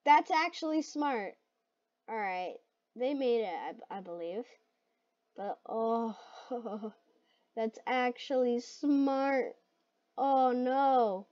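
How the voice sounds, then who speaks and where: A woman giving excited gameplay commentary, shrieking and laughing at close calls. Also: high-pitched. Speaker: gaming video host. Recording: dull lo-fi mic.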